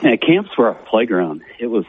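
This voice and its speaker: A man's voice: mid-range voice, big pitch swings, normal speed, breathy edge, soft background music. A middle-aged man, a former player as a guest on a casual radio interview, rambling with many fillers. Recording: dull narrow phone-like radio audio, dry.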